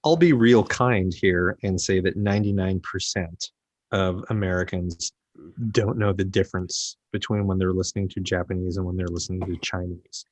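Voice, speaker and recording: A blunt man with a lowish voice states his opinions flatly in a casual podcast chat. The sound is close and dry. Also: moderate pace, no echo. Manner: blunt, emphatic, matter-of-fact.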